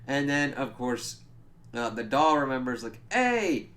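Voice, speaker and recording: A man's voice: mid-range voice, normal speed. A man giving a casual spoken recap of a TV episode, swearing freely, acting out lines, and tripping over his words. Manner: animated, profane retelling with quoted lines; stumbles over words and laughs at himself. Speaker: TV reviewer.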